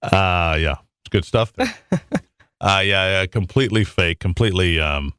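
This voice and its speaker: A man's voice: low voice, expressive, normal speed, fairly bright tone, clear, resonant tone, no echo, clean studio sound. An American man hosting a talk radio show in a rambling monologue with frequent restarts. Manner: rambling, with many restarts and fillers.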